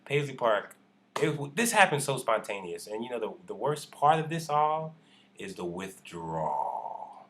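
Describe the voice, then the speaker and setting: A man vlogging in casual chat, gushing excitedly about a show he went to. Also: medium pitch, measured pace, slight background noise.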